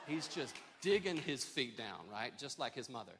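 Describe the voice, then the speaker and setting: A man in his thirties, a pastor preaching a sermon, telling a self-mocking family story in an animated way. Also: mid-range voice, normal speed, background noise. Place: church service with congregation.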